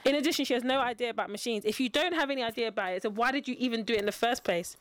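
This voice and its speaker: A woman's voice: fairly high pitch, very fast, fairly bright tone, no room sound. A woman co-hosting a podcast, chatting casually and telling stories with quoted voices. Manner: storytelling, quoting others, laughing. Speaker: podcast co-host. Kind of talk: casual chat.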